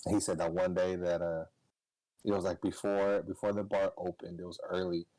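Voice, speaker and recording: A young man on a podcast, casually telling a story, swearing and laughing, his voice jumping high when he gets excited. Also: moderate pace, no room sound, rough recording. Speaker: podcast co-host.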